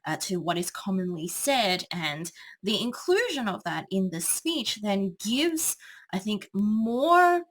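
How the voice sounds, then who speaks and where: A woman's voice: medium pitch, sing-song, slow. A woman tutor explaining a speech to students in a thoughtful, hesitant way. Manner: thoughtful, hesitant with many ums. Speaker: English tutor.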